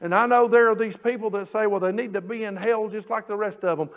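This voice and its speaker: A pastor delivers a sermon from the pulpit. His voice sits notably high for a man. He leans on drawn-out scripture lines and builds his emphasis as he preaches. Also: steady tone, dull audio. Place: church sanctuary.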